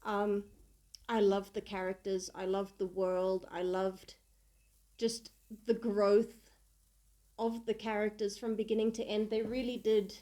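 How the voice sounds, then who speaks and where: A woman's voice: mid-range voice, level tone, a little slow, mellow. A woman chats casually on a book podcast, sharing her views with a giggly, self-deprecating manner. She hunts for words and laughs at herself along the way. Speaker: podcast co-host and reader.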